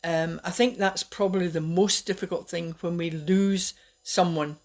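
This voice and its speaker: A woman's voice: lowish voice, fairly even intonation, normal speed, darkish tone. A middle-aged woman giving a casual, personal live talk as host, chatty and open, laughing at herself now and then. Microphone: webcam or phone on a live stream.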